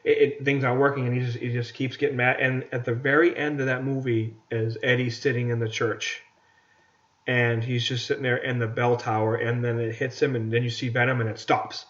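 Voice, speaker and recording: A man's voice: mid-range voice, level tone, a little fast, a bit bright. A man co-hosting a casual podcast, ranting about movies and stumbling over repeated words. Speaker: podcast co-host. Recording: dull lo-fi podcast audio.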